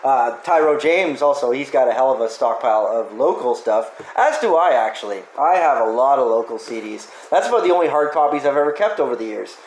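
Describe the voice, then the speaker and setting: A man's voice: medium pitch, lively intonation, a little fast, hardly any pauses, echoey room, poor audio. A man in a casual question-and-answer vlog, answering fan questions with offhand, profane jokes. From Canada.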